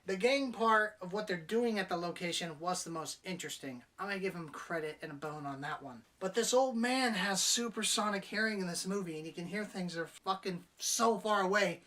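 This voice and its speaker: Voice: mid-range voice, fairly bright tone, far from the mic. Blunt, exasperated movie reviewer. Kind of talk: casual spoken film review.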